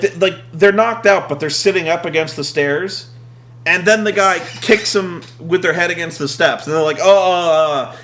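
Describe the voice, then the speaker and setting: High, bright-voiced young man ranting. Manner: rambling, sarcastic, mocks with shouted impressions. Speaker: podcast host recapping wrestling. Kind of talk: casual rant.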